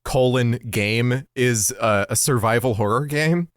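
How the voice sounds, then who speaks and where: A man's voice: mid-range voice, unhurried, smooth, dry recording, clean studio sound. A man making wry, sardonic jokes as a podcast co-host in casual chat.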